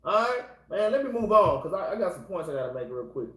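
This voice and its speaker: High-voiced man teaching scripture, echoey room. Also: very animated, fast, fairly bright tone. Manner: casual street-talk, exhorting, repeats a filler address constantly. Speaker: Bible class teacher. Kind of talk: informal scripture class.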